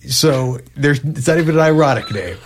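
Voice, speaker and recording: Halting man breaking down a film. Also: mid-range voice, lively intonation, slight background noise. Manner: halting, restarts and stammers when building a point. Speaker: podcast co-host. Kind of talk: casual movie review chat.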